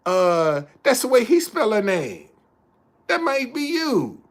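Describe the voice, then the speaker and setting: A man hosts a casual livestream and fires back at his chat. His voice sits high and swings widely in pitch. He talks in animated bursts and repeats himself. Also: takes it slowly. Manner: animated, repetitive, laughing, talks back to commenters. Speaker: livestream host.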